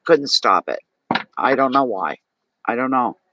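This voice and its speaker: A man's voice: mid-range voice, animated, a little slow, bright, forceful tone, no room sound, rough recording. A man with a Maritime Canadian accent giving a live tarot reading, talking chattily and animatedly to his viewers and answering chat comments. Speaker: tarot reader.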